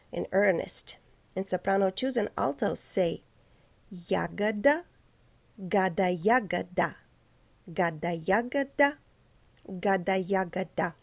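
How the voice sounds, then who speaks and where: In a choral diction lesson, a female choir director explains the diction of each part slowly and precisely, breaking into high, light sung syllables to demonstrate. Her speaking voice is creaky with a darkish tone.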